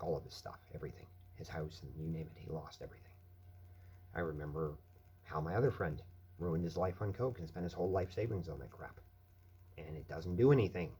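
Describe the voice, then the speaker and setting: A man's voice: a bass voice, a little mellow, slightly rough. A man ranting bluntly and with plenty of profanity in a casual monologue at his night-shift workplace. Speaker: vlogger. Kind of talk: casual rant.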